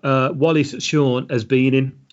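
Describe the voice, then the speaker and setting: A man's voice: mid-range voice, steady tone, measured pace. A man co-hosting a casual film podcast, reading out film facts in a matter-of-fact way. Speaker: podcast co-host. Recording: dull lo-fi sound.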